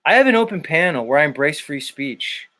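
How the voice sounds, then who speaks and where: A man's voice: a little high, animated, a little fast, sharp tone. A man hosting a livestream, ranting in a heated, profane way at his chat and repeating people's names. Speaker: livestream host. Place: dark room.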